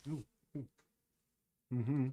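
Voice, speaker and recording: A man hosting a casual live stream, joking around and talking straight to his chat with quick exclamations. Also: mid-range voice, steady tone, dark tone, slight background noise. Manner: playful, joking, talks to chat directly; exclaims short interjections. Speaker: livestream host.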